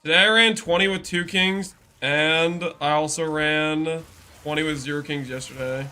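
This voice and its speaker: A man's voice: a little high, fairly even intonation, normal speed, bright, forceful tone, clear, resonant tone. A man streaming a game live, chatting casually and reading out and answering viewer messages. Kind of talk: casual live-stream commentary while gaming.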